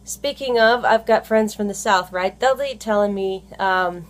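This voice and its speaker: A woman's voice: mid-range voice, unhurried. A woman, a stay-at-home mom talking in a casual vlog monologue that rambles and corrects itself, full of "you know". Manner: rambling, heavy use of "you know" fillers, self-correcting.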